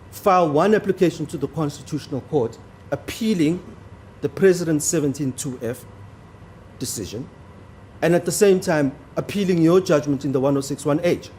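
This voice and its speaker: Guy arguing law to a judge in court, formal, leans hard on key words, kinda high but mellow voice. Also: expressive, moderate pace, long pauses, a little hiss or hum. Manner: formal, deferential to the bench, emphatic on key words. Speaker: advocate. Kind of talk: courtroom legal argument.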